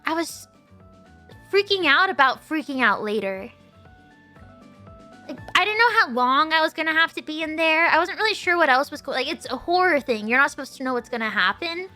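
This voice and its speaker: A woman with a very high, bright voice tells a story in a loose, chatty way. Her pitch jumps around a lot as she acts out the people in it, and she laughs often. Soft music plays behind her. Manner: animated storytelling, laughing often, acting out quotes. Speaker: streamer. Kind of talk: casual story time chat.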